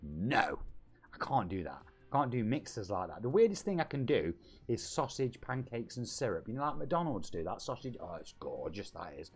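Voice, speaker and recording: A British man in his forties, streaming from his home setup with a bouncy, lively voice that swoops up and down. He shouts out viewers with excitable hype and easy banter, with faint music under him. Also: fairly low pitch, moderate pace, breathy edge. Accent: British English. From England. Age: 40s. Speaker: game streamer. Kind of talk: lively live-stream chat. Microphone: home streaming microphone.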